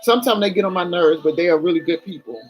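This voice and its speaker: A woman's voice: lowish voice, fast talker, slightly rough, soft background music, rough recording. A middle-aged woman talking candidly to her camera in a chatty, emotional vlog, swearing casually as she goes. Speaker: vlogger.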